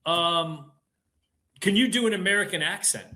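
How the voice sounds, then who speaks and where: A man in his fifties with a bright, forceful voice sitting a little high. He hosts with a playful, teasing streak, tossing out jokey questions and ribbing his guest. The talk is loose and conversational. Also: moderate pace. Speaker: podcast host. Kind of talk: casual interview chat.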